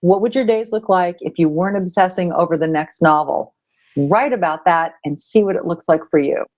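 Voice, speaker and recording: Upbeat woman co-host, quick to laugh. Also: on the low side, a little mellow. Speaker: podcast co-host. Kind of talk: casual chat.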